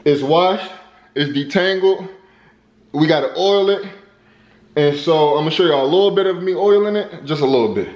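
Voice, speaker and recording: A man's voice: a little high, normal speed, a little mellow, dull audio. A man hosting a family vlog at home, talking to viewers in a playful, joking way. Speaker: father and family vlog host. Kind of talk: casual home vlog narration.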